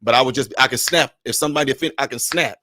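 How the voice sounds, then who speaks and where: A man talks through relationship advice in a loose, conversational way. His voice sits at a middle pitch and sounds dry and close to the mic. He slips into quick acted-out snatches of dialogue while telling his stories. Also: no echo. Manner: animated storyteller, acts out dialogue in other voices. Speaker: podcast panelist giving relationship advice. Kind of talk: casual advice talk.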